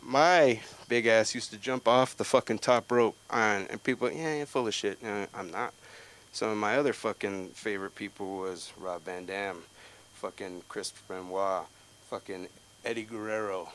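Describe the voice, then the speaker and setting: A man's voice: fairly low pitch, fairly even intonation, measured pace, rough recording. Brief: man, stand-up comic at an open mic, rambling and foul-mouthed, with faint background noise. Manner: profane, rambling storytelling, loud outbursts for quoted people. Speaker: stand-up comedian. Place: comedy club stage.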